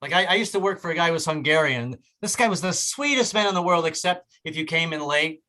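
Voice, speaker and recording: Middle-aged guy doing standup, bright voice, swoops up into shouty impressions. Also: fairly high pitch, lively intonation, fast, low-quality recording. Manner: loud shouting impressions of quoted people. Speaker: stand-up comedian. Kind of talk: stand-up comedy set. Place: comedy club stage.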